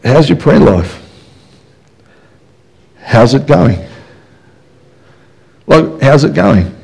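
A man's voice: medium pitch, very animated, very slow, vocal fry, a little mellow, husky, poor audio. A man preaching a passionate, emphatic sermon in church, full of rhetorical questions. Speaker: pastor. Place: church service, also streamed.

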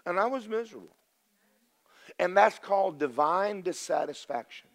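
An older man, preaching a folksy, storytelling sermon that swings from loud declarations to hushed confessions. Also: high voice, expressive, moderate pace, gravelly.

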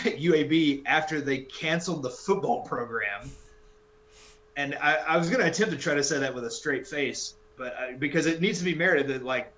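A man's voice: mid-range voice, a bit bright, reverberant, rough recording. A man co-hosting a podcast, talking casual sports in a rambling, wry way and often correcting himself mid-sentence. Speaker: podcast co-host.

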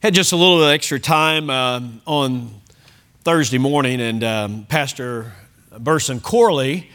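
A man's voice: medium pitch, unhurried, fairly bright tone. A man preaching a sermon as pastor, reading scripture with emphasis, chuckling and turning to the congregation with asides. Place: church sanctuary.

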